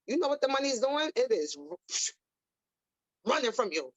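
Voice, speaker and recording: A woman's voice: mid-range voice, animated, a little fast, dry recording, low-quality recording. A woman hosting a podcast, giving emphatic money advice and checking in with her listeners. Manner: coaching, emphatic, tag questions. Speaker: podcast host. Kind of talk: casual motivational talk.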